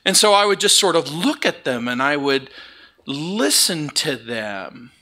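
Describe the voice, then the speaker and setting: A man preaching from the pulpit in a bright, forceful voice, pitched a little high. He mixes playful stories with scripture, and the sound carries in a church sanctuary. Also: a little slow. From Southern California. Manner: joking, lively storytelling. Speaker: pastor. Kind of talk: sermon.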